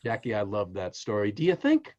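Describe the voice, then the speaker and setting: Male author guest, lively swooping delivery, emphatic storyteller, dull lo-fi sound. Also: lowish voice, fairly quick. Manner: animated, emphatic storyteller who addresses the host directly. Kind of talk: interview storytelling.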